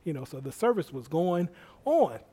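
Man, high voice, preacher, animated sermon storytelling, acts out quotes. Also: normal speed, husky.

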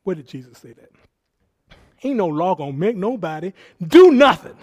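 A male pastor preaching a sermon, swinging between hushed asides and loud preaching and mimicking people in quoted voices. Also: sits high, big pitch swings, normal speed.

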